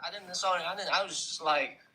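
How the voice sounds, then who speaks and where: A man's voice: high-pitched, fast, bright, forceful tone, a little hiss or hum, rough recording. A man with a Chicago accent chatting casually on a livestream, repeating himself and thanking viewers as he talks. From immigrant raised in Chicago. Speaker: livestream host.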